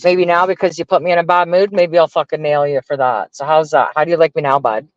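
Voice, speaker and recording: A man's voice: a little high, steady tone, quick pace, dry recording. Exasperated, swearing man with a dull lo-fi sound. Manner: profane, exasperated ranting. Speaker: livestreamer talking to chat. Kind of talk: casual venting to viewers.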